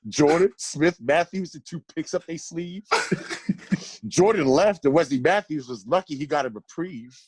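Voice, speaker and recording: Laughing often and full of animation, this man co-hosting a casual podcast delivers a comic rhyming poem with swagger. He speaks at a measured pace in a voice on the high side, and background noise is audible.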